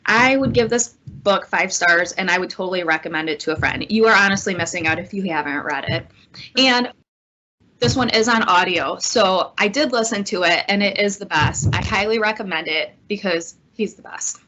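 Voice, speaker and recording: A woman's voice: medium pitch, normal speed, sharp tone, muffled recording. A woman librarian giving an enthusiastic book review. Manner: enthusiastic recommending.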